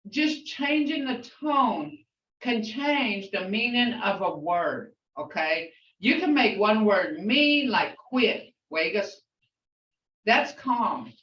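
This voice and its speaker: An older woman teaches a language class at an unhurried pace, repeating each sound patiently. Her voice comes from well back from the mic, in a roomy space, on a dull, lo-fi recording. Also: mid-range voice, a bit bright, recorded from a distance, slight background noise.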